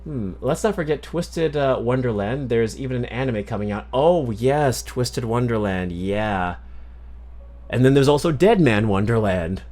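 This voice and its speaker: A man's voice: mid-range voice, expressive, measured pace, darkish tone. A man from Massachusetts doing casual game commentary as a streamer, joking, swearing and poking fun at himself. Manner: joking, swears, self-mocking.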